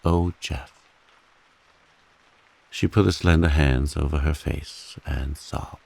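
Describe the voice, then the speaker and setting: A man calmly and softly reading a bedtime story aloud, meant to soothe listeners to sleep. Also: rumbling low, unhurried, creaky, breathy edge. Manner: calm, softly spoken. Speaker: audiobook narrator.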